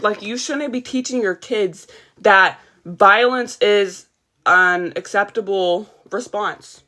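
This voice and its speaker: A woman hosts a casual ranting livestream in a fairly high, bright voice with a forceful tone. A little tired but heated, she rants emphatically and keeps greeting her chat.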